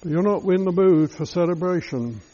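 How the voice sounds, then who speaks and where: Man leading a guided scripture meditation, fairly high voice, mellow tone, muffled lo-fi sound. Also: lively intonation. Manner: addresses listener as you, slow and reflective.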